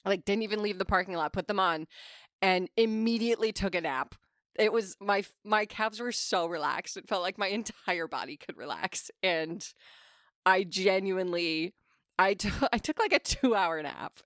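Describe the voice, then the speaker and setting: Joking and laughing often, a thirtysomething podcast co-host keeps the conversation casual. Her medium-pitched, slightly bright voice moves at a moderate pace, captured on a podcast mic in clean, echo-free studio sound.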